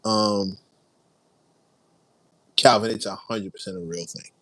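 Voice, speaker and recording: A man's voice: fairly low pitch, fairly even intonation, slow, sharp tone, no room sound, rough recording. Laid-back New man chatting live. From New York. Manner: rambling, laid-back, reads and answers chat. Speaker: livestream host. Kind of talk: casual livestream chat.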